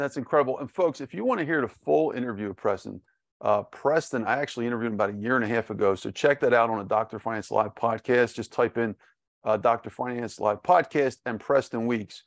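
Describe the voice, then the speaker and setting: A man hosting a podcast, chatting casually and upbeat, stumbling through restarts. His voice sits at an everyday pitch. It has a dry, close sound with little room. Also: quick pace, vocal fry, dry recording. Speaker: podcast host. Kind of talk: casual interview.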